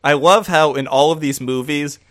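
Man, casual chat, animated, rambling, lots of fillers, laughs often, slightly high voice. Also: normal speed. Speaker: podcast co-host.

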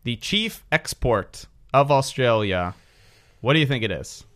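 A man's voice: medium pitch, big pitch swings, measured pace, fairly bright tone. A man hosting a podcast, chatting jokingly and then reading facts aloud in long runs. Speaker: podcast host. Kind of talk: casual chat with read-aloud facts.

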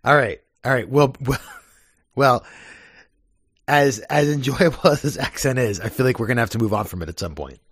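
A man's voice: mid-range voice, moderate pace, breathy edge, no room sound. Male co-host, easy laugh, casual banter, dry close mic. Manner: amused, laughing often. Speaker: podcast co-host. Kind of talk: casual podcast chat.

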